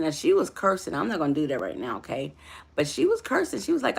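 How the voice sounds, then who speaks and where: A woman's voice: medium pitch, huge pitch swings, a little fast, vocal fry, a bit bright, husky. A woman life coach giving an emphatic motivational talk, calling the listener honey and baby.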